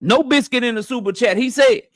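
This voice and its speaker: High-voiced man hosting a slangy live stream. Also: brisk, no room sound, clean studio sound. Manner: loose, slangy shout-outs to viewers. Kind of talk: casual live stream chat.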